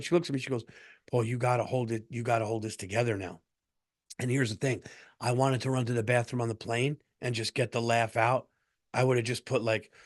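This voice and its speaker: On a comedy podcast, a middle-aged man recounts a story with lively energy, repeatedly restarting his sentences and cracking up with laughter. His pitch sits fairly high.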